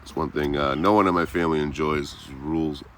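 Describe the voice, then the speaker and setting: A man's voice: very deep voice, fairly even intonation, fast talker, slight background noise. A man chatting loosely with viewers on a livestream, rambling and swearing freely. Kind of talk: casual live chat.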